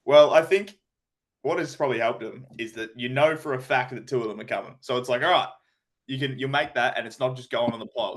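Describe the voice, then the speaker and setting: A man's voice: mid-range voice, fairly bright tone. A man with an Australian accent co-hosting a casual sports podcast, ranting with frequent swearing and laughter. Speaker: podcast co-host.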